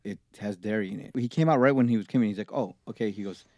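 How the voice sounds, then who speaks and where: A man's voice: on the low side, quick pace, no room sound, highs cut off. A man, a recording engineer, telling casual profane stories as a podcast guest. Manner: profane, animated anecdotes with laughs. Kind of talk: casual storytelling.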